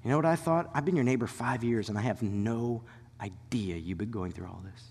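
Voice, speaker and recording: A man preaching a sermon as a pastor, shifting between animated storytelling and hushed, whispered emphasis. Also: on the low side, creaky, in a large hall, a little hiss or hum. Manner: animated storytelling with quick asides.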